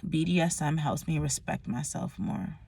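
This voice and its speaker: Gravelly-voiced young woman vlogging candidly. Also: low-pitched, fairly even intonation, moderate pace, mellow. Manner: emotional, candid, swears freely, slangy. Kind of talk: candid personal vlog monologue.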